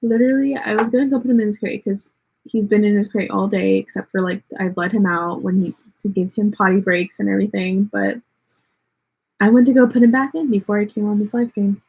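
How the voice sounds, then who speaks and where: A woman's voice: medium pitch, fairly even intonation, a little fast, creaky, a little mellow, slight background noise, poor audio. A young woman with a Texan accent chatting bluntly and sarcastically on a livestream, filling her talk with "like". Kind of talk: casual livestream chat.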